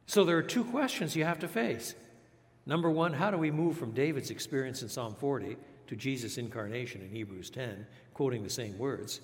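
This sermon comes from an older man from French Canada who grew up speaking both English and French. He teaches through rhetorical questions and repetition in a creaky, medium-pitched voice, and a big hall's long reverb trails each line.

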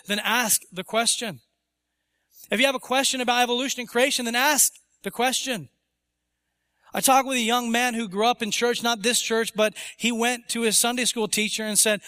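A man preaching a sermon in a church, his voice pitched high and sounding bright and forceful. He is emphatic, at times lifting his voice to act out the objections he answers. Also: long reverb tail. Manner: emphatic, rising to voice imagined objections. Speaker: pastor. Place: church sanctuary.

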